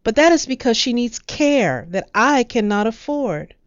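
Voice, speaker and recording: A woman's voice: a little high, very animated, a little slow, no echo, dull audio, voice pushed up. A woman reading a storybook, voicing a poor, proud male farmer who pleads and argues. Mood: insistent.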